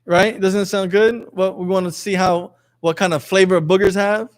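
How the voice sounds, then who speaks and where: A man's voice: sits high, fairly even intonation, moderate pace. A man teaching a lesson to a class, quizzing his students in a jokey way and reading passages aloud. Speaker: religious teacher.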